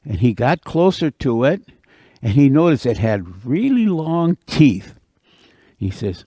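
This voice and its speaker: A man telling a folktale aloud to an audience at a senior center, with animated, expressive delivery. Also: medium pitch, unhurried, dry recording, studio quality. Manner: animated, expressive, repeats for effect. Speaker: storyteller. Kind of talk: oral folktale storytelling.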